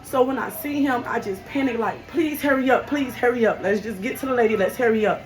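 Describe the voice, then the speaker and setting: A woman's voice: fairly high pitch, brisk, hardly any pauses, music in the background, poor audio. Grieving young woman, raw and heartfelt. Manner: raw, heartfelt, breaking with emotion. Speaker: hairstylist. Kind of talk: personal storytelling to camera.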